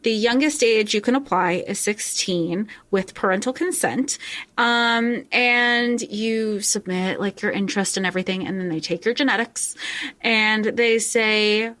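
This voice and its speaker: A woman's voice: medium pitch, unhurried, a bit bright. A woman co-hosting a podcast, talking casually about a book in a chatty way with many fillers. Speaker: podcast co-host.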